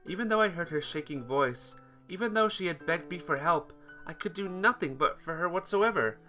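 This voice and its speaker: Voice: mid-range voice, expressive, moderate pace, sharp tone. A streamer reading a visual novel aloud, greeting viewers between lines. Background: guitar music.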